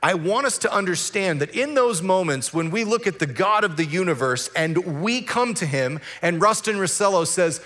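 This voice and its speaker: Man, pastor preaching a sermon, lively delivery with acted-out voices, slightly high pitch. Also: moderate pace, few pauses. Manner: animated, acts out voices of complainers.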